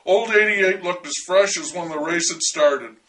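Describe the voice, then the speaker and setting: A man's voice: high voice, unhurried, a bit bright, distant mic, low-quality recording. A man narrating a first-person story in a dry, wry way.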